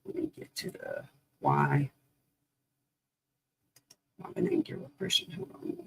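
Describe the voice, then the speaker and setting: A man hosting a podcast, talking in a loose, halting way as he thinks aloud. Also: very high voice, wildly swooping pitch. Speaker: podcast host. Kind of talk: casual livestream commentary.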